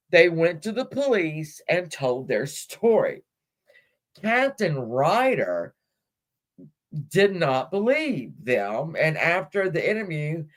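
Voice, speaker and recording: A woman hosting a livestream, casually retelling a story and giggling as she reads. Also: lowish voice. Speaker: livestream host.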